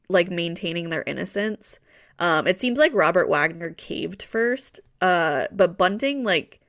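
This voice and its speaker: Low creaky-voiced woman podcaster. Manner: loose and chatty, many ums and likes. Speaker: podcast co-host narrating the case. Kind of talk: casual true-crime podcast narration.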